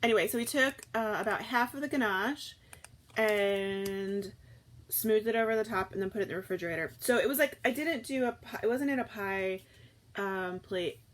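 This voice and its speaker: Hosting a live morning chat, a food vlogger in her thirties talks casually and rambles, often using fillers and restarting sentences. She has a mid-range voice and speaks at a normal speed.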